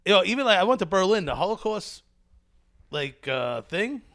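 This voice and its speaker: A man's voice: sits high, sing-song, normal speed, a bit bright. A man telling stories in casual podcast banter, rambling with lots of fillers and laughing often. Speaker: comedian guest.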